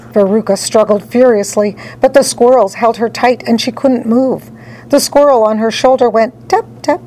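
A woman narrating a children's story in an expressive read-aloud style. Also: a little high, a little hiss or hum, poor audio. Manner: animated, dramatic storytelling.

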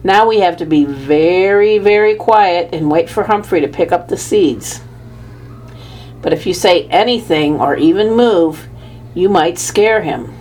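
Woman reading a frazzled storybook dad, pleading then firm, lowish voice. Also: measured pace, darkish tone, a little hiss or hum, close to an everyday voice. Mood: hushed coaxing. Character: flustered father, a school principal.

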